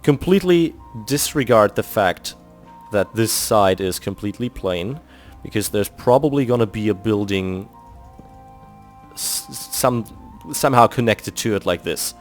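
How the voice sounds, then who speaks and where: A man's voice: fairly low pitch, animated, measured pace. A man from Germany with a German accent, thinking aloud and explaining step by step as he builds in a game. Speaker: video game builder host. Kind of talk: casual commentary while building in a game. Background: faint background music.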